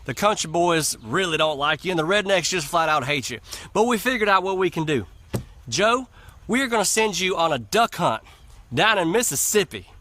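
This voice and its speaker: A frank, matter-of-fact male campaign adviser, as a storyteller voices him, laying out a plan. His voice is high and bright. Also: animated, moderate pace.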